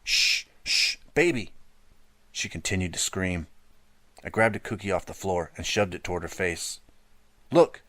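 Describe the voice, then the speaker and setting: A man narrating an audiobook in a steady first-person storytelling manner, close to the mic. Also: deep voice, a little fast, no echo. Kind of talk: scripted narration.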